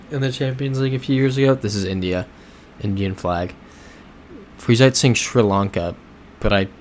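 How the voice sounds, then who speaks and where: During a relaxed livestream where he plays a geography game, a man chats and rambles, reading viewer messages aloud and answering them easily. He's laid-back with soft chuckles, his voice somewhat low against a faint hum of background noise.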